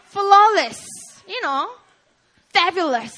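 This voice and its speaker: A young woman preaches a sermon in a bright, high voice that leaps up and down with animation. She jokes with her listeners, laughs easily and keeps asking the congregation questions. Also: sing-song, moderate pace. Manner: playful, laughing asides to the congregation; asks the audience questions. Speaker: pastor.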